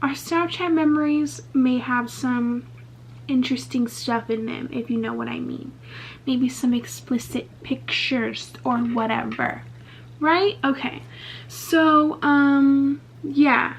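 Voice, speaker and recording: A woman's voice: sits high, steady tone, slow pace, vocal fry, slight background noise. A young woman vlogger in a casual get-ready-with-me Q&A, chatting candidly and swearing freely, full of "like" and "um". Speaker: beauty vlogger. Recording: slightly muffled lo-fi recording.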